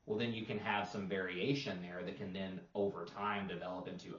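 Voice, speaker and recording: A man who teaches languages co-hosts a podcast, patiently explaining in casual talk, demonstrating sounds and using lots of fillers. His voice sits low and steady, fairly quick and fairly bright, picked up by a distant mic in a roomy, dull lo-fi recording.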